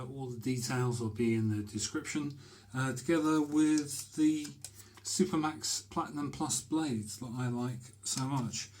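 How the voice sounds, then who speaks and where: A man chatting to camera from a small bathroom, his delivery easygoing and full of pauses and fillers. His voice sits in an ordinary middle pitch. He sounds like someone filming himself at home. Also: darkish tone. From Britain. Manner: chatty, hesitant with many fillers. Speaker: shaving vlogger. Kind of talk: casual talk to camera.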